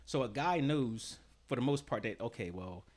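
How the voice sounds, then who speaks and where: A man's voice: mid-range voice, expressive, moderate pace. A man hosting a podcast, chatting casually in a laid-back, teasing way and laughing easily. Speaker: podcast host.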